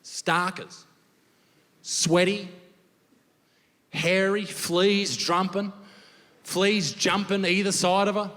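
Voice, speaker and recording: Brash Australian comedian, bright and high. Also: male voice, flat delivery, drawn-out words, pauses often. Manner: crude, brash, swearing. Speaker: stand-up comedian. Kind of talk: stand-up comedy. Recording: live hall with long reverb.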